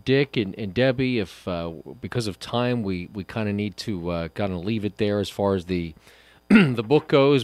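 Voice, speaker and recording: A man's voice: on the low side, no room sound. A man hosting a Christian radio interview, hesitant and full of fillers. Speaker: radio show host.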